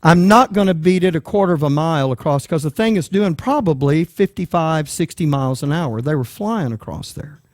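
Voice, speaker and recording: A preacher spins a personal story from the pulpit, animated and quick to act out the people in it. His voice sits a bit high for a man, and the sound is dry and close. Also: no echo. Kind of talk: sermon storytelling.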